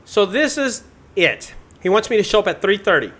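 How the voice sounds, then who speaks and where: Animated man telling a story. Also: sits high, normal speed. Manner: animated, dramatic retelling with sudden loud bursts. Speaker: junk removal business owner. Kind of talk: casual storytelling to viewers.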